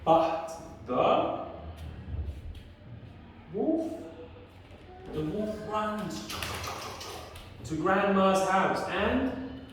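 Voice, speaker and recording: Slow, lively woman telling a story. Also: mid-range voice, background noise. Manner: slow, lively, quizzing the child often. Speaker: English teacher. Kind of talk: storytelling to a child. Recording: echoey room from far off.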